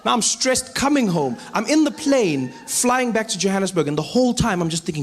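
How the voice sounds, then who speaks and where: A man with a South African accent performing stand-up comedy with animated storytelling. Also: high-pitched, brisk, few pauses, a little hiss or hum.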